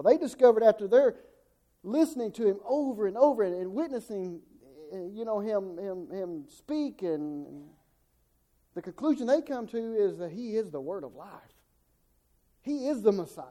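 A man's voice: sits high, lively intonation, normal speed, mellow. A middle-aged man preaching a sermon in a folksy way, stumbling over repeated words and acting out the people he quotes.

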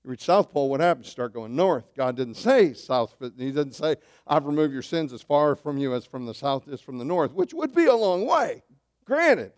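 A man preaching a sermon as pastor, animated, swinging between loud bursts and hushed asides, calling his listeners saints. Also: fairly high pitch, normal speed. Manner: addresses listeners as saints, asks questions.

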